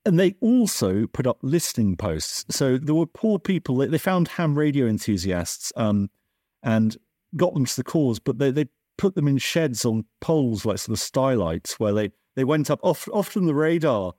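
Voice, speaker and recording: A man, a science writer, tells wartime history in a podcast chat. His voice is mellow and warm yet very animated, rising and falling as he restarts and corrects himself. The sound is close and dry. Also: moderate pace, no echo. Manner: animated storyteller, lively pitch swings, self-correcting restarts. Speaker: science journalist and author, guest. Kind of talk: conversational podcast interview.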